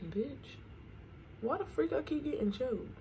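A young beauty vlogger chats casually during a get-ready-with-me session, doing her makeup as she talks. Her high-pitched, animated voice takes things slowly, with a slight hiss or hum, and she uses slang and sings snippets between remarks.

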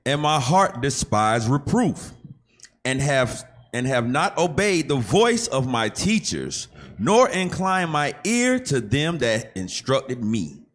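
A man reads verses aloud to the panel, declaiming loudly. His pitch rises and falls with lively movement. The reading is measured and forceful. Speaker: scripture reader.

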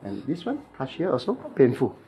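Playful Malaysian man, lively voice. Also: medium pitch, fairly quick, a little hiss or hum. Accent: Malaysian English. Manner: playful, mimics cracking sounds, clipped instructions. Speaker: chiropractic therapist. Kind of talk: instructing a client during treatment.

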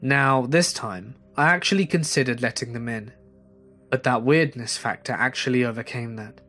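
A man's voice: medium pitch, moderate pace, sharp tone. Man narrating a creepy story. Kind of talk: scripted horror story narration. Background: faint music.

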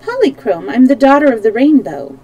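A dainty, timid fairy girl with a soft, pleading voice, as a woman reads her aloud. Her voice is gentle and mellow, never sharp. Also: high voice, sing-song, brisk, dry recording, lo-fi sound, pitched above the performer's own voice. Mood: shy pleading. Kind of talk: storybook read-aloud.

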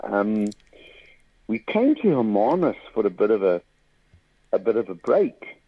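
Husky South African man telling funny stories. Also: lowish voice, no echo. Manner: lively storyteller with quick bursts of mimicry. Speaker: comedian guest. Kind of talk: casual interview chat. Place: radio studio. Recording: dull radio studio sound.

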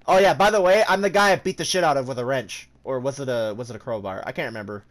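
A man's voice: mid-range voice, fast. A man streaming a game, chatting casually with lots of swearing, jokes and laughter. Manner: joking, swearing, laughing often. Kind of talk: casual gaming commentary.

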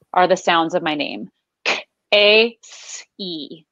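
A woman's voice: lowish voice, slow, a bit bright, no echo, lo-fi sound. Midwestern American woman leading voice drills. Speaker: voice coach. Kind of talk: guided vocal exercise.

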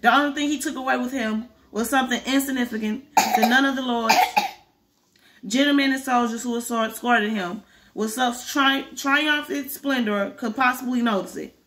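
Bright-voiced woman reading a storybook aloud. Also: on the high side, steady tone, normal speed. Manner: careful reading with restarts on hard words. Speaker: reader.

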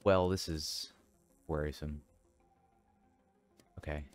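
A man streaming a party game, chatting casually and getting loud and excited as he plays. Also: rumbling low, takes it slowly, faint music behind. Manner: excitable, shouts and laughs while playing. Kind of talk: casual gaming chat.

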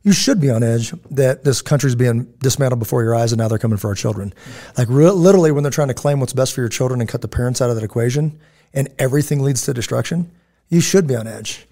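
A man's voice: medium pitch, fast, dark tone. A middle-aged man hosting a podcast, telling stories in a casual, digressive way and acting out the people he quotes. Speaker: podcast host. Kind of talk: casual storytelling chat.

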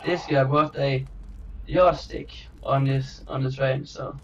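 A man's voice: medium pitch, fairly even intonation, takes it slowly. A man casually commentating his own gameplay, rambling and joking, trailing off and restarting as he goes. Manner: rambling and jokey, trails off and restarts, chuckles often. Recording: dull distant mic with faint hiss.

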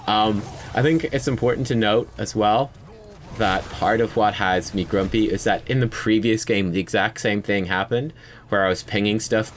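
A man's voice: on the low side, fairly bright tone, a little hiss or hum. A man giving casual gameplay analysis commentary, conversational and self-critical, with frequent fillers. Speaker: gaming video creator.

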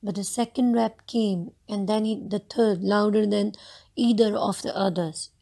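A woman's voice: mid-range voice, fairly even intonation, unhurried, gravelly, warm tone. A woman college lecturer reads a story aloud and explains it to her students. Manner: explanatory, addresses students directly. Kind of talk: reading a story aloud as a lesson.

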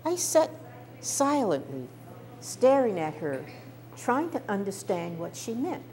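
Expressive older woman telling a life story. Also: medium pitch, takes it slowly. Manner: expressive, warm-toned recounting with small stammers. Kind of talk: personal storytelling.

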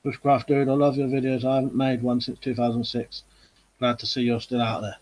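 A man's voice: mid-range voice, completely flat delivery, fairly quick, darkish tone. A man hosting a live chat stream, casually reading out viewer comments and answering them.

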